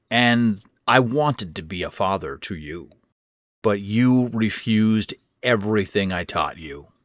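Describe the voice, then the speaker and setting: A bitter old man with a hoarse, rasping voice , done by a male narrator, scornful toward his stepson. Dry, close sound, unhurried pace. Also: fairly low pitch, a bit bright, dry recording, pitched above the performer's own voice. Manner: scornful, insistent. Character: bitter old sick stepfather, wealthy, rasping.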